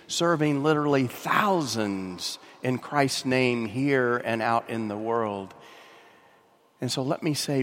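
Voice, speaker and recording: A man, a pastor delivering a sermon in a measured, wry way. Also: mid-range voice. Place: large church sanctuary. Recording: long church reverb.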